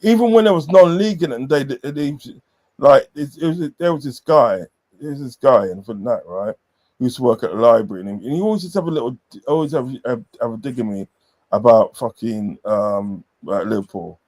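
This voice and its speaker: A man's voice: medium pitch, expressive, fairly quick, darkish tone. Rambling man. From southern England. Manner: rambling anecdotes with swearing and repeated filler phrases. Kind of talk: casual football chat.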